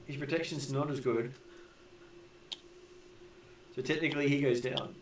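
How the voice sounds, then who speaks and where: A man acting as game master, calmly explaining rules and rulings in a casual tabletop session. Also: medium pitch, a little slow. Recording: noisy home recording.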